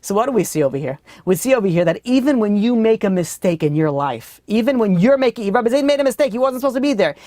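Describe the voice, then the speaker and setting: Storytelling rabbi with a dry sound. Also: male voice, high-pitched, big pitch swings, quick pace, few pauses, warm tone, dry recording. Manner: conversational, acts out story dialogue, many fillers. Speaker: rabbi teaching a weekly class. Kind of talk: storytelling lesson.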